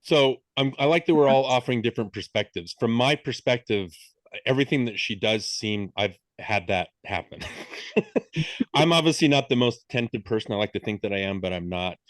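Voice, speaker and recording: A middle-aged man co-hosts a casual film podcast, thinking aloud and poking fun at himself. His voice sits at an ordinary middle pitch. The recording is close and dry. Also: expressive, brisk, no echo. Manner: self-deprecating, thinks aloud with frequent "right?". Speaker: podcast co-host.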